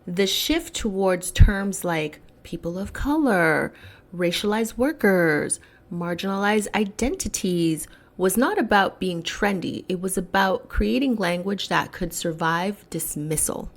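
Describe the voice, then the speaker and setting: A woman hosting a solo podcast, speaking in an emphatic commentary style and slowing down to stress key words. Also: mid-range voice, animated. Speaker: podcast host.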